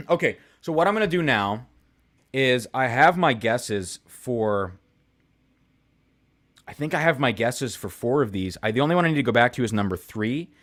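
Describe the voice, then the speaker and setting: A man's voice: on the low side, a bit bright. A young man hosting a casual live stream, rambling and thinking aloud with lots of fillers and self-deprecating asides. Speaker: whiskey livestream host.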